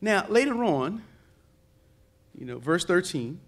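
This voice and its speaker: A man preaching a sermon in call-and-response style, dropping to low murmurs and rising to shouts. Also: big pitch swings, moderate pace. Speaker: pastor.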